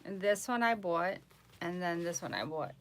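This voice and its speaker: A woman's voice: on the low side, big pitch swings, normal speed. A woman with a New York accent, chatting casually on a livestream and answering viewers' comments as she goes. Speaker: psychic reader livestreaming.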